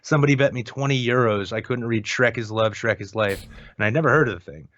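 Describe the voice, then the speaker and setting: A man's voice: medium pitch, quick pace, a bit bright, no room sound. A man co-hosting a podcast, talking in a dry, sardonic way with swearing. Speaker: podcast co-host. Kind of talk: sardonic casual chat. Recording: dry, dull lo-fi mic.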